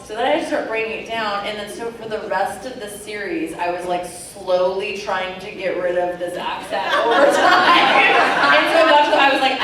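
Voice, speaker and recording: A woman on a convention panel, telling a story in a chatty, animated way with lots of fillers. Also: mid-range voice, normal speed, hardly any pauses, a crowd in the background. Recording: echoey hall from far off.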